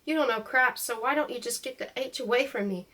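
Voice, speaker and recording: A woman's voice: fairly high pitch, fairly quick, a bit bright, close to an everyday voice. A woman reading an audiobook, voicing a drunk and jealous young man who sneers and accuses. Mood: sneering.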